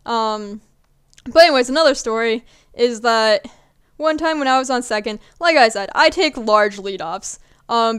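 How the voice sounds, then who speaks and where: In her early twenties, this vlogger chats through casual stories, swearing now and then and voicing the people involved. She sounds a little high and a bit bright, with a clear, resonant tone.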